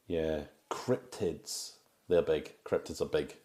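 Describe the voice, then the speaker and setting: A man's voice: extremely low pitch, steady tone, takes it slowly, warm tone. A man co-hosting a film podcast in casual, jokey chat, laughing often and teasing his co-host.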